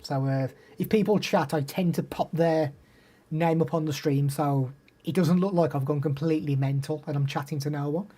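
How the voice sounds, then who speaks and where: A man's voice: on the high side, steady tone, moderate pace, mellow. A young man with an English Midlands accent, chatting casually on a live stream, reading out viewer names and answering them. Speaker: live streamer demoing microphones.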